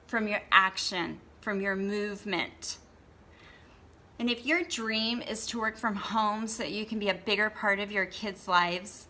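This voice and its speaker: A woman's voice: medium pitch, sharp tone. A woman hosting a blogging course gives an earnest motivational talk to the camera and often adds "okay?" for emphasis. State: tearful, emotional.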